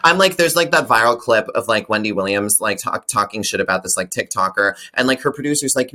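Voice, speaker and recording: A man talking as a podcast guest in a gossipy, animated way, laughing a lot. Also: medium pitch, fairly quick, hardly any pauses. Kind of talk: casual podcast chat.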